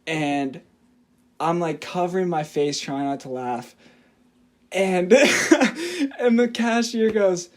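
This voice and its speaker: A young adult man, a podcast co-host telling a story in a casual, animated way, often laughing and swearing as he talks. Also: high voice, slow pace.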